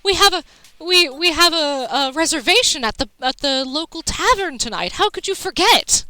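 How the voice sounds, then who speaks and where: A woman's voice: high-pitched, animated, normal speed, pushed and bright, dry recording, voice pushed up. A woman voicing a teasing male sorcerer who acts offended in a theatrical way. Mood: mock-hurt. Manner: theatrical, mock-wounded.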